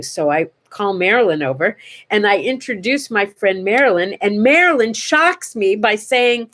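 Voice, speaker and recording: An older woman hosting a casual morning chat, telling stories in an animated way and acting out the voices in them. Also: medium pitch, normal speed. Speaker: host.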